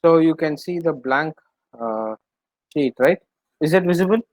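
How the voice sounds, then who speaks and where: Slow, patient male language teacher. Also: fairly high pitch, expressive, darkish tone, dry recording, rough recording. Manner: patient, repetitive explaining with many fillers. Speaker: French teacher. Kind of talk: online language class.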